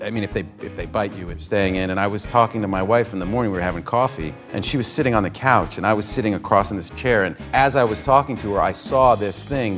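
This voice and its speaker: Male talk-show guest, lively anecdotes, slightly low voice, music bed. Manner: animated, laughs through his punchlines. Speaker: actor telling stories on talk shows.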